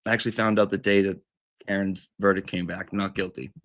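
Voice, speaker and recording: A man's voice: sits low, flat delivery, a little fast, fairly bright tone, a little hiss or hum. A man with a gossipy, sassy, rambling manner, talking casually as a teacher-like persona on a comedy livestream.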